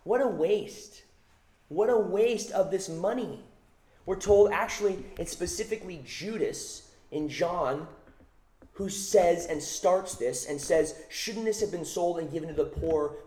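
Male pastor, mellow voice slightly high, emphatic sermon delivery, roomy echo. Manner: emphatic, repeats phrases for stress.

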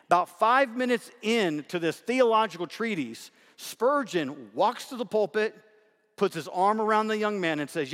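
A man's voice: high voice, animated, normal speed. A man preaching a sermon, talking conversationally and building to emphatic repeated lines. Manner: conversational preaching, shifts between soft asides and emphatic repetition. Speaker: pastor. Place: church sanctuary. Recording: reverberant hall.

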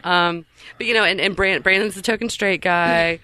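A woman in her thirties, a guest on a podcast, chatting casually about her comedy show in a frank, animated, often laughing way. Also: on the low side, moderate pace, clean tone, dry recording. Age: 30s.

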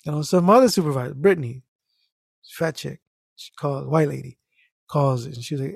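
A man's voice: on the high side, fairly quick, vocal fry, no room sound, studio quality. A man telling a work story in casual chat, cursing freely and acting out the people in it. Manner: animated, profane, acts out voices. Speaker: guest storyteller.

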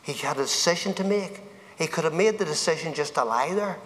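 A man's voice: on the high side, expressive, brisk, a bit bright. A man with a Northern Irish accent giving an earnest, plain-spoken testimony at a men's event, building to fervent appeals. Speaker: speaker giving a personal testimony. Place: event hall. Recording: long hall reverb.

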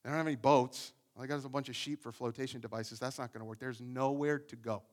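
A man's voice: medium pitch, steady tone, fast. A man preaching a sermon, telling the story with energy and often repeating his words as he goes. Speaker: pastor.

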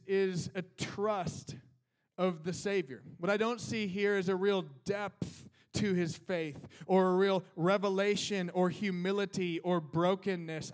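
A male pastor preaching a sermon in a casual, conversational way, dropping words like "man" and "like". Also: high-pitched.

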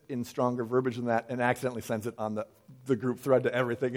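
A pastor with a medium-pitched voice, speaking a little fast, delivers a casual sermon in a conversational way. He acts out quoted voices with animation and keeps restarting his sentences.

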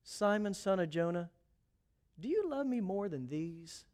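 A man voicing a calm, kind male teacher who calls out brightly, then asks questions gently, within a sermon story. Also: high voice, unhurried. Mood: gentle.

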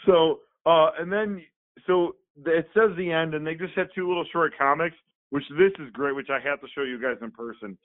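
A man co-hosting a podcast, retelling a comic in a rambling, animated way with many fillers. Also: fairly high pitch, moderate pace, dry recording. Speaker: podcast co-host. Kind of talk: casual chat. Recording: phone-like, dry sound.

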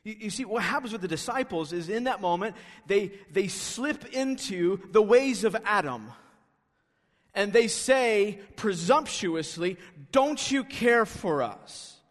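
High-voiced pastor preaching in a hall. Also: male voice, expressive, unhurried. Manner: emphatic, rhetorical questioning. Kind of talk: sermon. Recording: long reverb of a hall.

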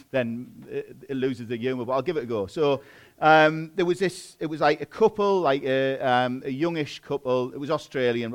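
A man in his thirties preaching a sermon in a relaxed, chatty way, self-deprecating and full of fillers. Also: medium pitch.

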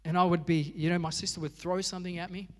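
A man's voice: sits high, little pitch movement, quick pace, long reverb tail. An Australian man preaching a sermon as pastor, telling stories with humor and animation. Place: church.

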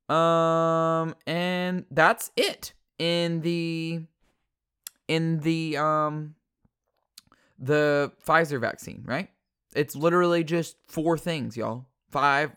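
A man's voice: fairly high pitch, measured pace, fairly bright tone, clear, resonant tone. A man ranting casually in a rambling, profane and sarcastic way, full of fillers. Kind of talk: casual unscripted rant.

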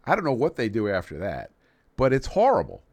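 A man's voice: mid-range voice, wildly swooping pitch, fairly quick, breathy edge, dry recording. A man from New York City hosting a live stream in casual chat, rambling and joking with frequent restarts. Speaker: livestream host.

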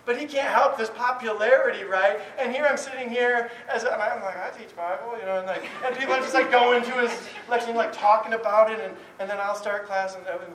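A man's voice: very high-pitched, steady tone, brisk, hardly any pauses, a crowd in the background. A man who teaches Bible, giving an informal talk to a class in a candid, chatty way with frequent chuckles and restarts. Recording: roomy, distant mic, faint background noise.

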